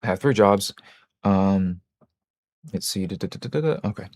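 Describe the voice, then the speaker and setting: A man's voice: deep voice, normal speed, darkish tone, a little hiss or hum. A man hosting a livestream, chatting casually and answering his chat in a rambling, joking, self-mocking way with many restarts. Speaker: livestream host.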